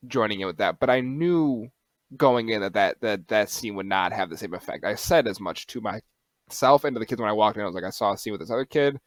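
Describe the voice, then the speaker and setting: A young man with a fairly low voice talks animatedly as a podcast co-host, swearing freely and breaking into laughs. The sound is dry and close, with no room around it. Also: dry recording. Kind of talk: casual chat.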